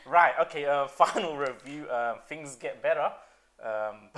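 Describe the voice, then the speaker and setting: A man hosting a casual film review chat, animated, laughing often and mimicking characters. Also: on the high side, slow pace. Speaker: film review podcast host.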